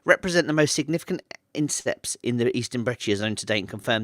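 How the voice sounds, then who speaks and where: A man reads a technical report in a casual, joking manner. His pitch swings widely, and he often breaks off for rude asides. The sound is dry, with no room echo. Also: lively intonation, fast. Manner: jokey, swears, breaks into loud outbursts. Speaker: reads a mining report aloud. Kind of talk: casual reading with banter.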